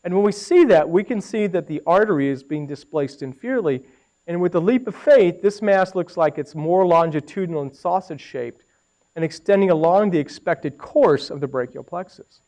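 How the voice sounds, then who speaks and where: A man's voice: high voice, normal speed, a little mellow, rough recording. Man lecturing on medical imaging. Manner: conversational, with anecdotes and audience questions. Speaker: radiology lecturer.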